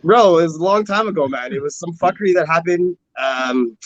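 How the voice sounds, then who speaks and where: A man's voice: a little high, fairly quick, fairly bright tone, no room sound, muffled recording. A man on a casual podcast, laughing often while recounting an old bar fight. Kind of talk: casual storytelling chat.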